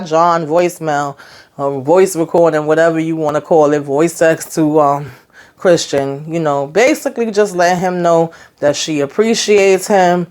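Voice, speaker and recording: A woman's voice: deep voice, a little mellow, smooth. A woman casually recapping a TV episode in a chatty, colloquial way, often breaking into laughter. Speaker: TV show reviewer.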